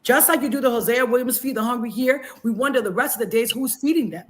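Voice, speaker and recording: Woman from Liberia, higher voice, earnest and emotional, conversational closing remarks, video call guest. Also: fast talker.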